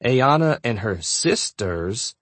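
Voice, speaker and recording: A man's voice: medium pitch, big pitch swings, slow pace, fairly bright tone, no echo, voice pushed up, full character voice. A man voicing an easygoing, wry young male shifter student in an audiobook.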